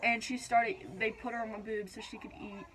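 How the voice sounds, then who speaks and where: A teenage girl vlogging a casual storytime at home, chatty and full of "like", acting out quotes in a higher voice. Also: level tone, normal speed, background noise. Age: teens. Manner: chatty, says "like" a lot, acts out quotes in a higher voice.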